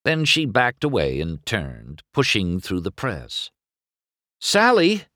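Low, slow, expressive male storyteller. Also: dry recording, clean studio sound. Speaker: storybook narrator. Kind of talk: reading a children's storybook aloud.

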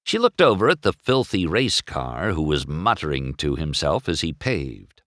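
A man's voice: a bass voice, sing-song, normal speed, fairly bright tone, no room sound, studio quality. A man reading a children's storybook aloud as narrator.

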